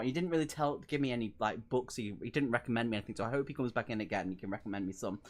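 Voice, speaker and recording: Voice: medium pitch, very fast, hardly any pauses. A read-along livestream host chatting casually between reading sessions, giggly and rambling and often self-mocking.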